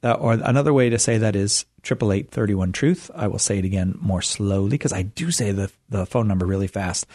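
Middle-aged guy hosting a call-in radio show, kinda low voice, lots of ums and uhs, jumps up in pitch when he gets into it. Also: fairly quick, hardly any pauses. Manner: hesitant, many fillers, rises in pitch when animated. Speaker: radio host. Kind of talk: casual radio chat.

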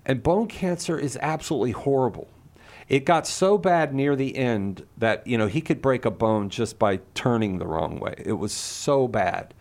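A middle-aged man telling a personal story and arguing a moral point, earnest and passionate, often repeating words when stirred. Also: fairly low pitch. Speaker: Catholic speaker.

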